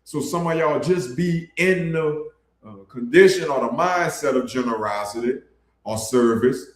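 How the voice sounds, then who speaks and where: A man's voice: medium pitch, a little slow. Blunt street preacher man, echoey room. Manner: blunt, preachy, colloquial, addresses listeners as bro. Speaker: street preacher hosting an online ministry. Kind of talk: casual street sermon.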